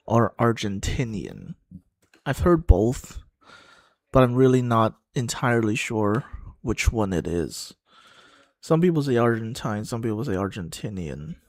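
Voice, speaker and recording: A man's voice: mid-range voice, sing-song, moderate pace, darkish tone, no echo. A man hosting a watchalong of a football match, chatting casually and thinking aloud with fillers. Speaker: watchalong host. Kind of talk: casual live commentary.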